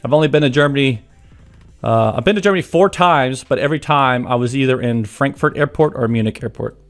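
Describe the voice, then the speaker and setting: A man's voice: medium pitch, a little fast, faint music behind. A man hosting a live stream from his home office, chatting casually and jokingly, greeting viewers by name. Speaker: livestream host greeting chat.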